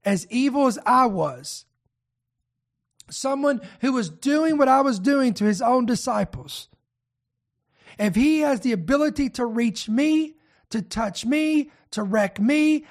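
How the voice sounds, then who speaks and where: High-voiced preacher, fervent, exhorting, broadcast sermon, repeated calls to the audience. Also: unhurried. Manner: fervent, exhorting, repeats short rallying phrases. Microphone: camera broadcast.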